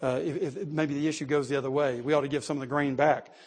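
A man's voice: on the high side, steady tone, fast talker, darkish tone, husky. A man preaching an expository sermon, reading scripture and explaining it in a conversational way, with joking asides and rhetorical questions.

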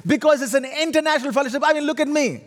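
Middle-aged man, Indian accent, animated humorous sermon, high-pitched, echoing church hall. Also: rapid-fire. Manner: humorous, animated, audience-teasing. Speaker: guest preacher.

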